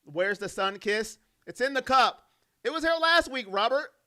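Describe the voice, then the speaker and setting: A man hosting a live fan stream, calling the plays and reading out chat messages and donations in an animated way. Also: very high voice, moderate pace. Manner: animated, loud, reacts to plays and reads donations. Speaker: fan livestream host doing play-by-play.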